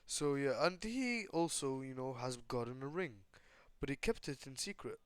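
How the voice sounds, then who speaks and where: A man's voice: medium pitch, lively intonation, normal speed, smooth, dry recording. A teenage boy casually retelling a fan-made story, rambling with lots of fillers. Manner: rambling, many fillers like "basically" and "like".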